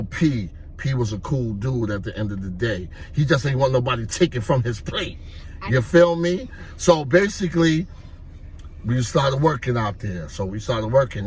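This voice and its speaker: A man from Harlem, telling street stories in an animated way and acting out the voices. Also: medium pitch, gravelly, slight background noise. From Harlem, New York. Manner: animated, acts out voices, repeats "you know what I mean". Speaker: storyteller. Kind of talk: street storytelling vlog.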